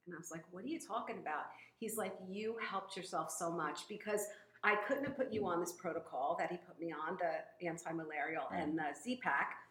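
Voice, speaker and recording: A woman's voice: on the low side, normal speed, fairly bright tone. A woman guest in a casual chat, talking in a rambling, emotional way with many fillers and laughs. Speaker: guest, gym member sharing her story. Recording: roomy echo.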